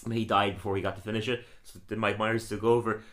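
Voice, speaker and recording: A man's voice: fairly low pitch, flat delivery, quick pace, fairly bright tone. A man hosting a podcast in casual, rambling chat, often stammering over restarts. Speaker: podcast host.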